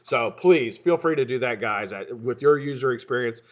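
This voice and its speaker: A man hosts his own live stream, talking quickly and cussing freely as he greets viewers by name. His pitch bounces all over, and the sound is dull and lo-fi. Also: lively intonation. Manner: fast-talking, profane, greets chat by name. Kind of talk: casual live-stream chat.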